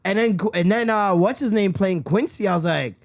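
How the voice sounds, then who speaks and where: A podcast co-host in loose, animated chat, jumping in quickly and laughing often. His voice sits on the higher side for a man. The sound is dry and close. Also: creaky, dry recording. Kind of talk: casual chat.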